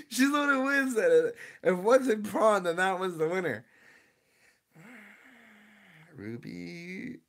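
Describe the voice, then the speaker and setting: Animated confused young male streamer. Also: high voice, slow, vocal fry, long pauses. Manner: animated, confused, laughing, repeats himself. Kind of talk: live-stream chat reading while opening card packs.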